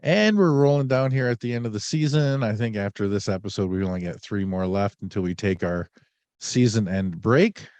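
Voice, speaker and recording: A man's voice: lowish voice, moderate pace, a little mellow, smooth, no room sound, highs cut off. A man hosting a podcast in casual chat, a little under the weather, rambling and joking with many fillers. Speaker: podcast host.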